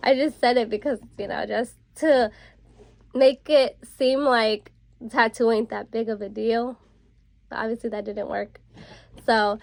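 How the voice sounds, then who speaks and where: Young woman vlogger, casual storytime, slightly high voice, dry close sound. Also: creaky, darkish tone, no echo. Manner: chatty, many fillers like "like" and "bro". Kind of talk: casual storytime while getting ready.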